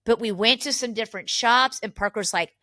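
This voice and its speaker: A woman co-hosting a podcast, telling family stories in a lively, chatty way and laughing often. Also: a little high, a little fast, no room sound, clean studio sound. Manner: animated storyteller, laughs often. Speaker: podcast co-host. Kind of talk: casual family chat.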